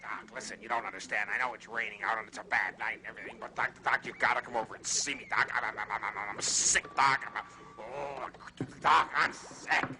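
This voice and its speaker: A man's voice: fairly low pitch, fairly quick, sharp tone, voice pushed down. A man voicing a sick, desperate male caller who moans and pleads. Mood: moaning. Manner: moaning, pleading.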